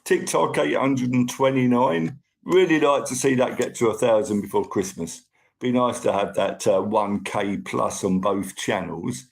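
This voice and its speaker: A man's voice: mid-range voice, steady tone, a little slow, gravelly, poor audio. A man hosting a casual live stream, chatting to viewers and thanking them by name as they join.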